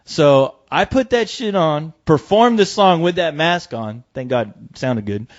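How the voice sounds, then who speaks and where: A man's voice: fairly high pitch, measured pace. Profane storytelling man, lo-fi sound. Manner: profane, animated storytelling with laughs. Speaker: co-host. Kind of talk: casual podcast chat. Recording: dull lo-fi podcast audio.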